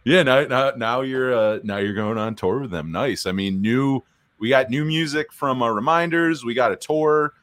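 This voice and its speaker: A man's voice: medium pitch, moderate pace, a bit bright, dry recording. A man hosting a casual music podcast, loose and swearing, often restarting his questions. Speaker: podcast host.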